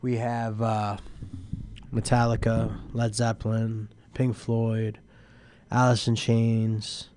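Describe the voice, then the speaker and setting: A man's voice: fairly low pitch, completely flat delivery, slow, darkish tone, a little hiss or hum. A young man hosting a live internet radio show, tired and yawning as he rambles casually through band lists and news. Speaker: host.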